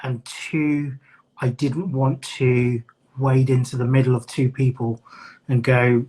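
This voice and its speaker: A man's voice: mid-range voice, level tone, slow pace, mellow, breathy edge. A man from North London with a well-traveled English accent, chatting casually as a podcast host and telling stories with quoted voices. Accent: mixed English, London with Midlands traces. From North London, England. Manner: storytelling, acts out quoted voices. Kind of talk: casual live-stream chat. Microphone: video call.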